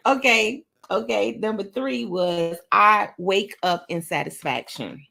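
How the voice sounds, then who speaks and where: A woman leading a motivational affirmation session, with a heavily gravelly, fry-laden voice at a middle pitch. She speaks emphatically and repeats each affirmation aloud, breaking into playful sing-song moments. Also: lively intonation, takes it slowly, sharp tone. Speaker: motivational talk show host.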